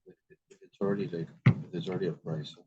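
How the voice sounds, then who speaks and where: A man taking part in a casual study-group discussion, making quiet, questioning remarks. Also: low-pitched, fairly even intonation, brisk, lo-fi sound. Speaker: study class participant.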